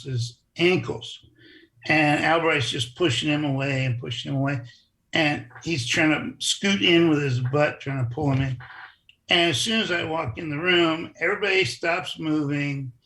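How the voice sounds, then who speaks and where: A man telling stories in a casual interview, animated and acting out other people's lines. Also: on the high side, creaky. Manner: animated storyteller who acts out quoted voices. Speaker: interview guest, former wrestler.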